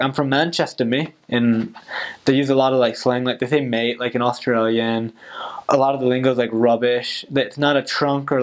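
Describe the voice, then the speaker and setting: A young man talks casually, giving tips as a returned missionary. He rambles and leans on "like" in nearly every phrase. His voice sits at a middling pitch. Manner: rambling, heavy use of "like" fillers. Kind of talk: casual advice talk.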